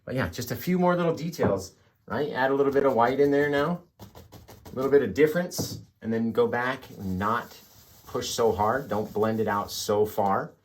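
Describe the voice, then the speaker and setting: A man's voice: medium pitch, moderate pace, a little hiss or hum. Chatty man teaching painting. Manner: chatty, encouraging, talks to viewers. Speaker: painting instructor. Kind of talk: live painting tutorial.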